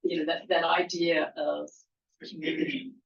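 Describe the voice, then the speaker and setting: A woman speaking up in a small group discussion, thoughtful and a little halting. Her voice has a gravelly, creaky edge. The recording is dull and lo-fi. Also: sits low, flat delivery. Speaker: study group member. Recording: dull lo-fi sound.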